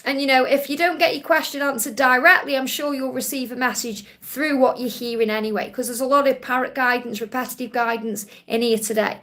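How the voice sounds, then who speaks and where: Female live-stream psychic host, high voice, gentle, reassuring delivery. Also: fairly even intonation, a little fast, hardly any pauses. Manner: gentle and reassuring, ends points with a soft "okay?"; relays messages in first person with emphatic repetition. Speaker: psychic card reader hosting a live Q&A.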